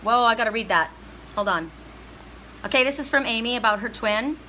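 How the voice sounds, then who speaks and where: A woman's voice: on the high side, brisk, bright, forceful tone, rough recording. Woman, psychic reader, live stream, emphatic, faint background hiss. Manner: emphatic, heartfelt, talks straight to viewers. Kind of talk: live-stream spiritual reading.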